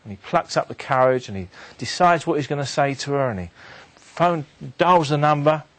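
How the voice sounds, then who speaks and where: A man giving a motivational talk to an audience, telling a story in an animated way and dropping his voice low and quiet for the sad moments. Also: moderate pace. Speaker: motivational speaker.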